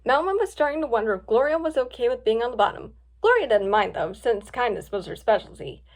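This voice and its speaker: A woman reading a storybook aloud in a lively, expressive way. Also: fairly high pitch, fast talker. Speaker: story reader.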